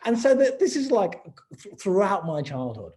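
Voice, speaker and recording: A man hosts a conversational interview, his pitch rising and falling in a lively way. He talks reflectively, pausing and restarting his sentences as he thinks aloud. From England. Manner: reflective, halting, many restarts. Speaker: podcast host.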